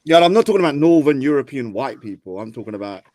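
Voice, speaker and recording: A man's voice: medium pitch, sing-song, fast, a little mellow, dry recording. Teasing man, dry close sound. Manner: teasing, rambling banter. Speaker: panelist. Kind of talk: live online panel chat.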